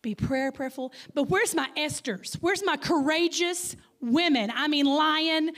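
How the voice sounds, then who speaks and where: A woman in her fifties with a Texas accent gives a Mother's Day sermon as a guest speaker. Her voice sits a little high, and her delivery is lively and playful. She keeps calling out questions to the congregation. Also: a little slow, few pauses. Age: 50s. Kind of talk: Mother's Day sermon with audience call-and-response.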